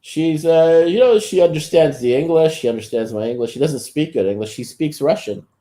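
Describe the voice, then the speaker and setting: Halting, low-key man in casual chat. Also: warm tone. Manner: halting, many fillers and restarts. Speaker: guest.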